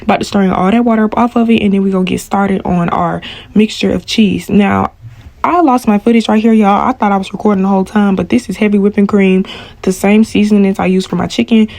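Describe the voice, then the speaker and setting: Animated young woman, warm mellow voice. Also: medium pitch, quick pace, vocal fry, no room sound. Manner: animated storytelling with slang, talks to viewers. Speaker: cooking vlogger. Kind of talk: storytime while cooking.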